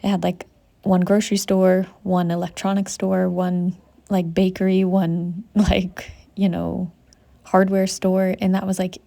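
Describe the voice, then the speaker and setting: Soft-spoken, gravelly young woman vlogger. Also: lowish voice, flat delivery, a little slow. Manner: soft, emotional, heavy use of "like", drifting into whispers. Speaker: travel vlogger. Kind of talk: reflective casual vlog talk. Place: outdoors in a mountain village.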